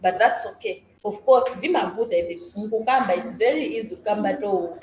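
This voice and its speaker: A woman's voice: medium pitch, unhurried, a little mellow, a little hiss or hum. A woman moderating a coaching session and interpreting, switching between English and Swahili and often restarting her sentences. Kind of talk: workshop moderation. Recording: echoey room with faint ambience.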